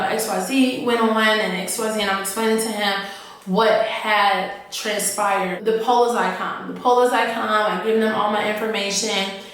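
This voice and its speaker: A woman officer telling a personal story in a halting, earnest way, often repeating herself. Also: mid-range voice, fairly bright tone. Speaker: army officer recounting her experience. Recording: echoey room, voice from off-mic.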